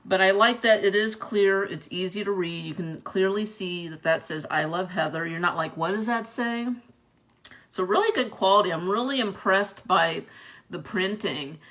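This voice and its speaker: Bright-voiced young woman vlogger, chatty. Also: medium pitch, moderate pace. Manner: chatty, laughs often between remarks. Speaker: vlogger reviewing a product. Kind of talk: casual unboxing chat.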